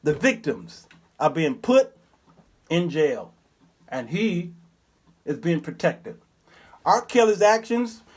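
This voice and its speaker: A man in his fifties hosting his own show, telling a story in an animated, preacherly way and acting out the people in it. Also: high-pitched. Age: 50s. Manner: preacherly, animated, acts out characters. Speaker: show host. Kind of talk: commentary monologue with storytelling.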